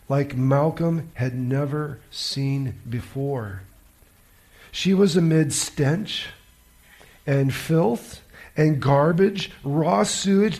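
A man's voice: fairly high pitch, a little mellow. A male preacher telling a story in a sermon, with a dramatic, emphatic delivery.

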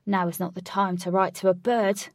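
A woman voicing a tough, brash male fighter who gives loud, commanding orders in a storybook reading. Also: lowish voice, flat delivery, moderate pace, no echo, clean studio sound, natural voice.

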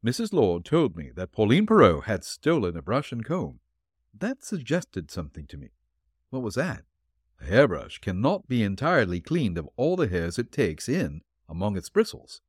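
A man reading the part of a calm, shrewd male detective who explains his clues dryly. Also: lowish voice, breathy edge, no room sound, exaggerated voice. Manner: dry, explanatory, deliberate.

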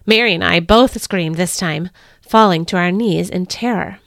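A woman hosting a devotional podcast, reading a first-person story in an earnest, measured way. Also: fairly low pitch, creaky, a bit bright, no room sound, clean studio sound.

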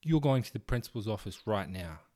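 A man's voice: lowish voice, animated, fairly quick, dark tone, lightly acted. A man doing a scolding, outraged schoolteacher. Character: shocked, strict female schoolteacher.

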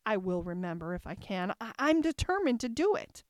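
A woman's voice: mid-range voice, big pitch swings, fairly quick, dry recording, clean studio sound, natural voice. A woman voicing Alice, a curious young girl who chatters and wonders aloud to herself in a storybook reading. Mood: wondering.

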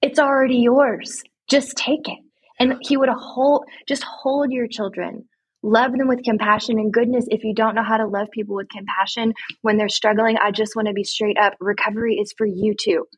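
A woman giving earnest, direct faith-based advice to parents, retelling a story with lively asides. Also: mid-range voice, moderate pace, slightly rough, dry recording. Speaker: guest speaking to parents.

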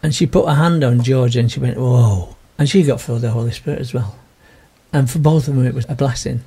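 An older man, telling his personal story in an interview in a gentle, earnest way. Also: medium pitch, fast, vocal fry, breathy edge. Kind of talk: reflective personal testimony.

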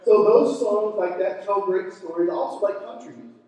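A middle-aged man preaching in a mellow, somewhat higher voice. He tells stories in an easygoing, conversational way. The sound is very echoey, picked up from some distance in a large hall. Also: fairly quick. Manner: conversational storytelling with fillers. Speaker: pastor. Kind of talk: sermon. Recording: echoey hall, mic from far off.

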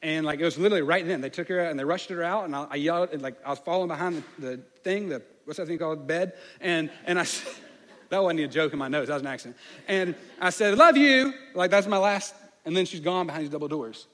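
A man's voice: a little high, quick pace. A man with a slight lisp, telling a personal story in a sermon in a candid way with many fillers. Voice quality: slight lisp on some words. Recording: long hall reverb.

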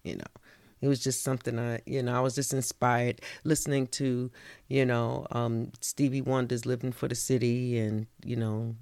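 A woman's voice: a bass voice, flat delivery, normal speed, a little mellow, no room sound. A woman from New York with a New York accent, reciting a spoken-word poem and then chatting casually, laughing often and saying "you know" a lot. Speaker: spoken-word poet and storyteller.

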